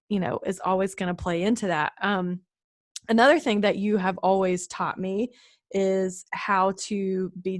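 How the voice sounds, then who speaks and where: A young woman hosts a casual podcast interview, chatting and laughing easily. Her voice sits at an ordinary middle pitch. It is recorded close and dry, with no room sound. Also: no room sound. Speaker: podcast host.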